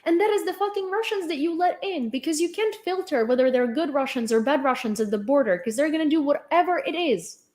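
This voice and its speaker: A young woman with a high voice talks straight to her viewers in live-stream commentary. She is blunt and sarcastic, openly condescending, and swears freely. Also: expressive, fairly quick, darkish tone. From Ukraine. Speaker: vlogger.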